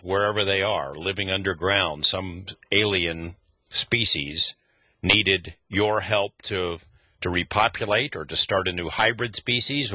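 Bright, husky male interviewer. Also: low voice, no room sound. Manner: probing, hesitant restarts. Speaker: interview host. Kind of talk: interview questions.

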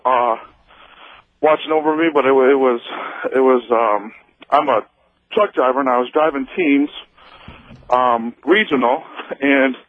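A man from Missouri calls a talk radio show over a tinny phone line, his voice pitched a little high. He tells his story haltingly, stumbling into restarts and fillers, close to the mouthpiece with no room sound. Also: no echo. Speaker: radio caller. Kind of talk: telling a personal story on a call-in show.

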